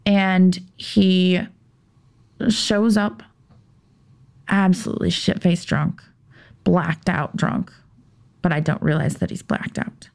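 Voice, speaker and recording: A woman appears as a podcast guest, recounting a personal story conversationally; she speaks haltingly with restarts and pauses, dropping to a tense whisper when heated. Her voice is fairly low with vocal fry and a darkish tone.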